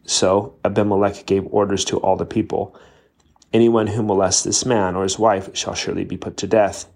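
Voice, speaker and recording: A man reading Bible passages aloud in a plain, steady way, now and then stumbling and restarting a word. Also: lowish voice. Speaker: Bible reader.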